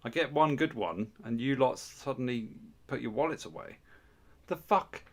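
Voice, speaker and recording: A man's voice: mid-range voice, lively intonation, normal speed. A man hosting a casual livestream, bantering with chat in a crude, swearing, mock-outraged way. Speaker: livestream host.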